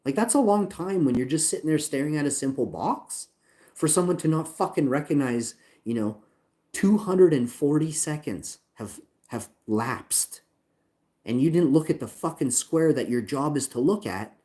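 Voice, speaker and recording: A channel owner rants angrily on a livestream about a support chat, swearing, repeating himself and reading chat lines aloud. His voice is a little high, warm and expressive, at a moderate pace.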